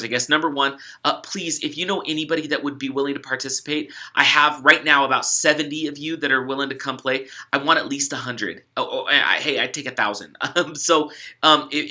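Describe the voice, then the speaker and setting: A man's voice: mid-range voice, pushed and bright. A young adult man, an author, chatting casually and upbeat as he explains a gratitude study to participants, with fillers and restarts. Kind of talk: casual instructional video talk.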